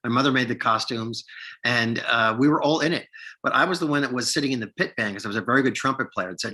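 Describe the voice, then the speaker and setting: A man in his sixties from upstate New York, an actor telling lively stories from his career in a casual interview, acting out the lines of people he quotes. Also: medium pitch, quick pace, slightly rough. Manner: animated storyteller, acts out quoted lines, many restarts. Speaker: actor guest.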